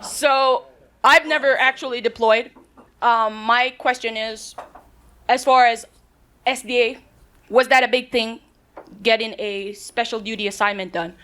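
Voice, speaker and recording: A woman's voice: fairly high pitch, fairly even intonation, measured pace, long pauses, bright, forceful tone, a little hiss or hum. A woman who serves as an active-duty Marine sergeant, speaking up from the audience at a live event, direct and good-humored. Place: restaurant event room.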